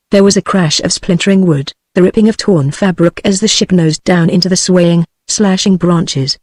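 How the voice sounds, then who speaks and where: Brief: computer-voiced British woman, audiobook narration, steady delivery, dry sound. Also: lowish voice, no room sound. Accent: British English. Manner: even, uniform reading of all characters.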